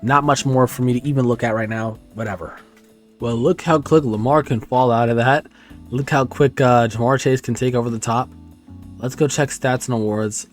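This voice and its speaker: A tired young man giving frustrated, profane commentary on his football video game season as a gaming YouTuber. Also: on the low side. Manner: swearing, frustrated rambling. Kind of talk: casual gameplay commentary.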